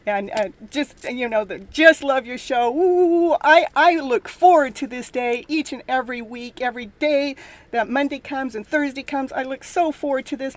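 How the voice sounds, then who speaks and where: A middle-aged woman hosting a live show, chatting casually, upbeat and motivational, laughing often and cheering. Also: high voice. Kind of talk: casual live-stream chat.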